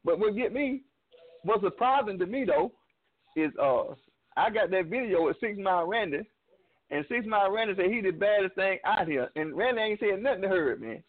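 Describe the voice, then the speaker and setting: A man's voice: high voice, lively intonation, moderate pace. A man chatting casually on a call, easygoing and repeating his points. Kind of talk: casual chat. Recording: tinny phone line.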